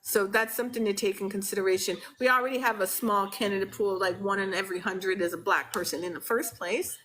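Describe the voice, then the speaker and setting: A woman talking candidly in a relaxed conversation, frank and emphatic, often pausing on fillers. Her voice is bright and forceful, sitting mid-range for a woman. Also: mid-range voice, rough recording. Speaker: podcast conversation partner. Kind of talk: casual chat.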